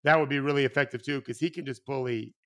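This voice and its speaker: Rambling, animated man talking basketball. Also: mid-range voice, fast. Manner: animated, rambling, restarts often, swears casually. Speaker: podcast guest, former basketball coach. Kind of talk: casual podcast conversation.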